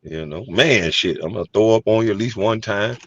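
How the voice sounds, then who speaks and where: A middle-aged man with a low voice tells animated, profane stories in a relaxed chat. He laughs easily as he talks. The sound is dry and a little dull. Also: moderate pace, dry recording. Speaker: host. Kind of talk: casual chat.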